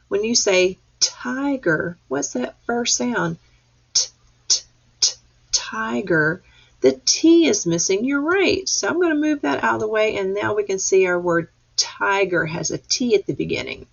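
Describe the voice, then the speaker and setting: A woman teacher leading a reading lesson for young children, patient and encouraging, sounding out letters slowly. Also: medium pitch, gravelly, breathy edge, lo-fi sound. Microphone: webcam or computer mic.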